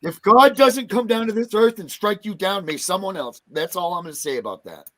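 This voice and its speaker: A man's voice: high voice, lively intonation, fairly quick, a bit bright. A man speaking as a guest on a talk show, angry and profane, ranting passionately. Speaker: guest, parent. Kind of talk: heated talk-show rant.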